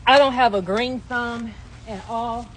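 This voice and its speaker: A woman's voice: on the high side, steady tone, a little slow, a little hiss or hum. A woman giving casual, emphatic business advice on a live stream while out of breath, calling listeners baby and honey. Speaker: business coach. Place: outdoors in a front yard.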